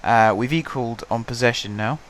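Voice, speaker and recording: A young man with a hoarse voice, chatting casually and calling the action play by play as he commentates his own football management game at home. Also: mid-range voice, fairly quick, fairly bright tone. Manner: chatty, wry, calls the match play by play. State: hoarse from shouting. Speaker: gaming channel host.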